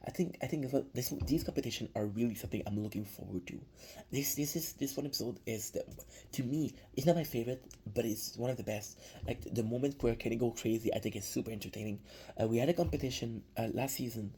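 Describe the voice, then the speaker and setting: Low husky man recapping a show. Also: warm tone. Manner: rambling, many restarts and fillers. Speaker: show reviewer. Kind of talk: casual recap commentary.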